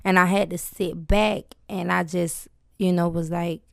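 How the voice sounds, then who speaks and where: A young adult woman rapper telling lively stories with plenty of cursing in a casual interview. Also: lowish voice, unhurried, vocal fry, no echo, clean studio sound. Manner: lively, profane storytelling with laughs.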